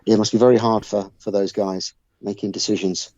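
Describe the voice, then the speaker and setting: A man's voice: lowish voice, level tone, brisk, a little mellow, dry recording, highs cut off. A man in casual podcast chat, thinking aloud with many fillers and restarts. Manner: thoughtful, hesitant with many fillers.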